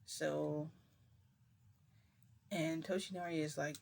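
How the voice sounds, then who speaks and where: A woman's voice: unhurried, slight background noise. Rambling woman telling a story. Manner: rambling, filler-heavy retelling with many restarts; speaks low to keep quiet. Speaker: storytime vlogger. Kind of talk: casual storytelling.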